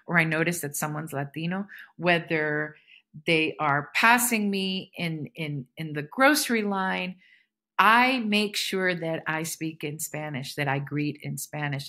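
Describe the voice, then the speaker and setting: A woman hosting her own podcast, musing in a relaxed spiritual monologue that circles back and repeats her phrases. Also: low-pitched. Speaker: podcast host. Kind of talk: casual solo podcast monologue.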